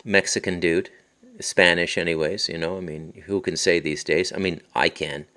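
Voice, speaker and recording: A Canadian man with an Ottawa Valley accent and a low, deep voice tells a story in a loose, rambling monologue. He wanders off on tangents and restarts his sentences often. He speaks into his phone at his home in the countryside. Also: fairly even intonation, normal speed, pushed and bright. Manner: rambling, digressive, frequent restarts. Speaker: podcast host and author.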